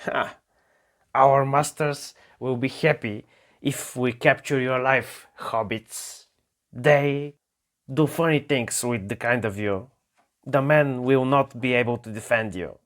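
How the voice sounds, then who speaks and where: A man's voice: mid-range voice, takes it slowly, lightly acted. A man voicing a sneering male goblin leader in a solo tabletop game, mocking and taunting. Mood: gloating.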